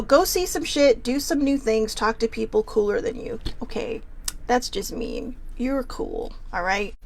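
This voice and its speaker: A woman's voice: high-pitched, fairly bright tone, poor audio. A middle-aged woman hosting a casual chat show, reading from card decks as she goes, chatty and laughing, swearing freely. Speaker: host.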